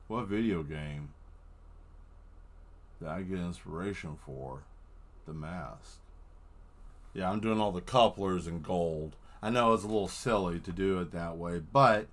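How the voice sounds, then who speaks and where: A man with a lowish voice talks casually while he paints on a live stream. He rambles from one thought to the next in a playful way and grows excitable when he spins a silly story.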